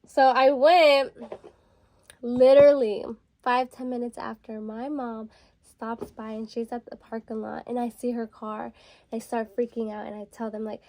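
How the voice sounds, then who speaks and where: Chatty young woman with a higher voice. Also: fairly even intonation, normal speed, dark tone. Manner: chatty, rambling, filler-heavy with frequent "like". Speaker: vlogger. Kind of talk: casual storytelling while getting ready.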